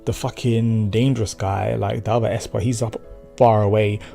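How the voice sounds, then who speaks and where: A man casually recapping and reviewing an anime episode, rambling and slangy, swearing and acting out quick bits of dialogue. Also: fairly low pitch, flat delivery, creaky, mellow, faint music behind.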